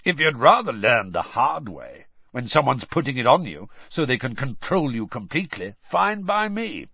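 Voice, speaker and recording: Gruff grizzled wizard teacher, voiced by a male reader, growling and slow; husky, lo-fi. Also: medium pitch, very animated, no room sound, heavily acted. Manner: slow, commanding. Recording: slightly muffled, dry.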